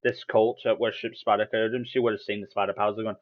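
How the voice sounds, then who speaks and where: Rambling low-voiced man, lo-fi audio. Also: level tone, fast, few pauses. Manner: rambling, many restarts, acts out quotes. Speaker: podcast host. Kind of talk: casual solo commentary.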